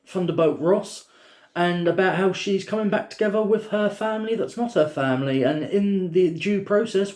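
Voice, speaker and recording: A male co-host chatting casually through a film review, opinionated and loose, pausing on fillers. His voice sits a touch high. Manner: rambling, opinionated, frequent fillers.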